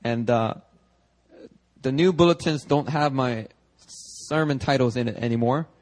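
A young male pastor preaching a casual, conversational sermon, animated and full of quick asides and restarts. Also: medium pitch. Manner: animated, chatty, frequent restarts and asides to the congregation. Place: church sanctuary.

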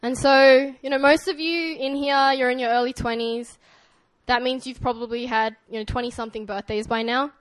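A woman's voice: high-pitched, fairly even intonation, normal speed, smooth, no room sound. A young woman from Australia with an Australian accent, preaching as a guest pastor in a friendly manner with frequent ums and light laughter. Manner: friendly, laughs often, fillers like um and uh. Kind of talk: sermon.

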